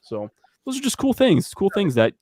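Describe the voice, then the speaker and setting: A man's voice: sits high, huge pitch swings, normal speed, a little mellow. Chatty man telling fan stories. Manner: chatty storyteller, many restarts. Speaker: guest. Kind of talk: casual chat.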